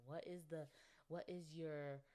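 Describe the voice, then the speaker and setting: A woman's voice: sits low, fairly even intonation, unhurried, dark tone. A young woman hosting a podcast, chatting casually and rambling with lots of fillers while she talks straight to her listeners. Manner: addresses listeners directly. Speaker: podcast host. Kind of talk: casual chat.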